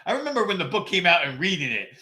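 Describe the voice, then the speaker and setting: A middle-aged man co-hosts a podcast in casual chat, rambling, restarting sentences, using many fillers, and laughing easily. His voice is high and bright with big pitch swings, racing along with a forceful tone.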